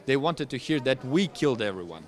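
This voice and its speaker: Very animated and medium-pitched, a young man from Ukraine who served as a soldier testifies in an interview in accented English, not his first language. His speech comes in broken phrases, with many fillers and false starts.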